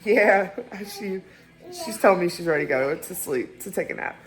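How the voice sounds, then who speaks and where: Chatty young mom vlogging at home. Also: female voice, on the low side, animated, moderate pace. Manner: chatty, rambling, warm toward viewers. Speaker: vlogger and mother. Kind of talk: casual vlog chat to camera. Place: at home indoors. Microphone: handheld phone camera.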